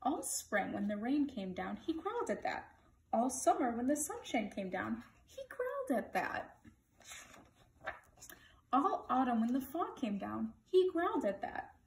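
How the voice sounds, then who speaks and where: A woman greeting schoolchildren and reading a picture book aloud in a friendly, expressive way. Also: on the high side, measured pace, vocal fry, far from the mic, slight background noise. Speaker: storybook reader for schoolchildren. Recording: echoey room.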